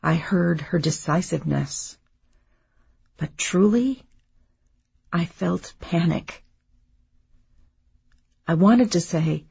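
A woman narrating a memoir in a measured, subdued reading. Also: on the low side, animated, creaky, dark tone, breathy edge, dull audio.

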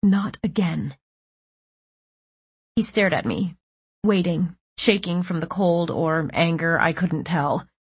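A woman reading first-person fiction aloud, with tense and measured storytelling. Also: fairly low pitch, slightly rough, no echo. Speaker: audiobook narrator.

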